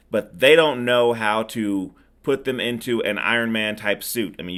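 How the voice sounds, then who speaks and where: Recapping a film for his podcast, a middle-aged man speaks in a fairly low, pushed and bright voice. He rambles sarcastically through the casual chat, using lots of fillers.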